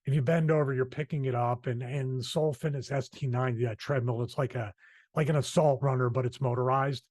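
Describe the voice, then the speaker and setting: A man's voice: mid-range voice, fairly even intonation, fairly quick, darkish tone, no echo, studio quality. A man with a Philadelphia accent hosting a fitness podcast, chatting casually in a rambling, self-deprecating way. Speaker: podcast host. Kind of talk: casual chat.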